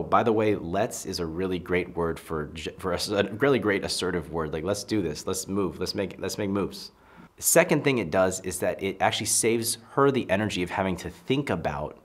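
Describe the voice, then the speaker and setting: Low-voiced man coaching social skills. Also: animated, normal speed, slightly rough. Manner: emphatic, acts out example lines. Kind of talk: casual advice talk to camera.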